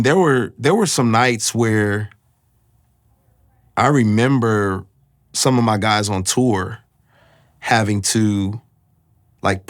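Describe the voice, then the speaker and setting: Man telling his faith story, low-pitched, candid, searching for words. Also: a bit bright. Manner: earnest and confessional, pauses often to find words. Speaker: speaker sharing a personal testimony.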